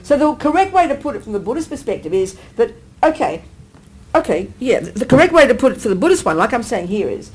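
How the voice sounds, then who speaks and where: A woman Buddhist teacher giving a live talk, animated, often asking her listeners whether they agree and acting out everyday exclamations. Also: on the high side, fast talker, poor audio. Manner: acts out everyday exclamations with sudden lifts. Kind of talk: live dharma teaching to an audience.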